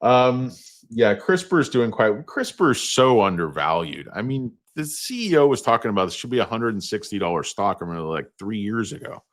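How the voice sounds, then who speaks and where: A man with a very low voice hosts a loose market livestream, drifting from one subject to the next and tossing in crude asides. His talk is unplanned and chatty, full of fillers and restarts. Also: lively intonation, moderate pace. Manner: rambling, jumps between topics, crude jokes. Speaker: stock market show host. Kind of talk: casual livestream chat.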